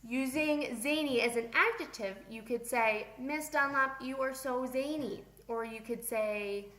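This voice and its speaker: A young woman leads a playful vocabulary lesson, chatting with a class only she can see. Her voice sits high and bright, and she takes her words slowly and deliberately. The sound rings in an echoey classroom. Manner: playful, animated, talks to pretend students. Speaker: teacher.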